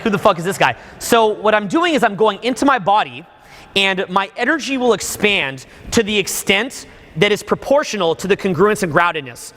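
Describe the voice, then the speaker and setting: A man coaching a live seminar audience, animated, suddenly bursting into loud acted-out examples. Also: high voice. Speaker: dating coach. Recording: long hall reverb.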